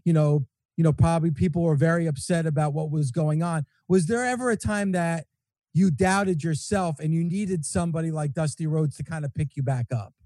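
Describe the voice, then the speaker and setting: A male interviewer with a fairly high, mellow voice asks a rambling question. He strings it together loosely with fillers, and the sound is dry and close. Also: brisk, dry recording. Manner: loose, rambling phrasing with "you know" fillers.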